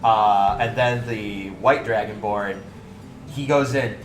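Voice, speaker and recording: A man's voice: lowish voice, slow, echoey room, soft background music. A young man narrating as dungeon master in a casual, swearing, laughing way. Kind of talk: narrating a tabletop game.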